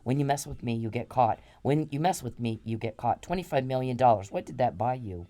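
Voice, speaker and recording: Woman on her podcast going off at some guy, lots of swearing and repeating herself, darkish mellow voice. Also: a bass voice, lively intonation, brisk. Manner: confrontational, repetitive, profane. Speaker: podcast host. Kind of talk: angry monologue addressed to one man.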